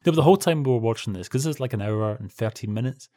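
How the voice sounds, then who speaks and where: Wry man, mid-pitched voice. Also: lively intonation, rapid-fire, dark tone, no echo, studio quality. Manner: rambling, wry, reminiscing. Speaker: podcast co-host. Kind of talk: casual chat reviewing old TV.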